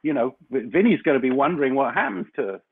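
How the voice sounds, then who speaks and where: A man guest on a chat show, telling a long rambling anecdote in a casual, animated way. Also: medium pitch, quick pace, creaky. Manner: rambling storyteller, animated when recounting. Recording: slightly muffled lo-fi audio with faint noise.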